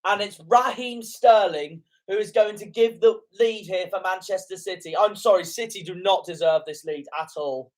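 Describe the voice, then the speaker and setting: A man's voice: high voice, moderate pace, hardly any pauses. A young man giving live reaction commentary on a football match, often indignant and swearing at the referee's calls. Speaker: fan commentator.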